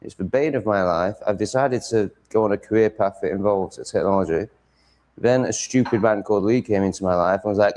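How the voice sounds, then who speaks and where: A man's voice: on the low side, a little fast, darkish tone. A man vlogging at home, swearing a lot as he rants in a casual, exasperated monologue. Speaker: vlogger setting up a live stream.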